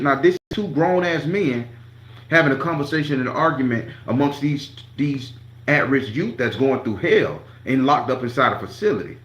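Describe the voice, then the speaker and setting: A man's voice: medium pitch, expressive, moderate pace, a bit bright, reverberant. Profane man telling a heated story. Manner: emphatic, profane, acts out every quote. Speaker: tarot reader and channel host.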